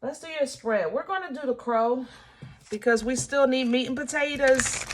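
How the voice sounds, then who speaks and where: A woman's voice: high-pitched, moderate pace, background noise. A woman giving a casual spoken tarot reading, testifying like a preacher and checking in with her listeners. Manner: preachy and testifying, checks in with "okay?" and "you understand?"; playful asides and laughter between serious points. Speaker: tarot reader.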